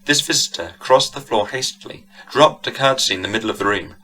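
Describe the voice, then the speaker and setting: Bright-voiced male storyteller. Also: mid-range voice, animated, fairly quick, low-quality recording. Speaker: narrator. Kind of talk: scripted narration of a vintage horror story.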